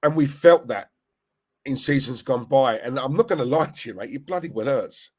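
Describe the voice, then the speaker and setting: A young man hosting a live stream, chatting casually, reading viewer comments and reacting with animated, rambling restarts. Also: normal speed, a little hiss or hum. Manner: animated, rambling, restarts and laughs, pitch jumping when worked up. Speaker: fan channel live-stream host.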